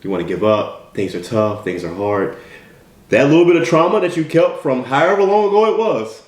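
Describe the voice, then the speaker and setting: A man's voice: medium pitch, lively intonation, a little fast. A man giving an emphatic motivational talk, full of repeated rhetorical questions. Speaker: motivational speaker. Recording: echoey room.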